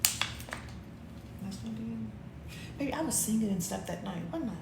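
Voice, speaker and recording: Woman, casual chat, playful, laughing, animated pitch, echoey room with faint hiss. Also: a little slow, creaky. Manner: playful, laughs a lot, chatty. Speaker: co-host of a livestream. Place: home.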